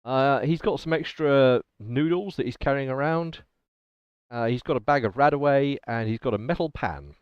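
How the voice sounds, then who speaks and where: A man's voice: medium pitch, moderate pace, clean tone, no echo, highs cut off. English man narrating as game master. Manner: hesitant, filler-heavy narration with laughs.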